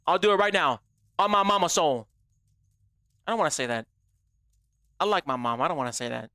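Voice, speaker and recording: A gaming streamer plays live and talks straight to his chat, brash and profane, cracking jokes as he goes. His voice is a little high and bright, with lively intonation, a slightly fast pace and a forceful edge. The recording is dry and studio quality.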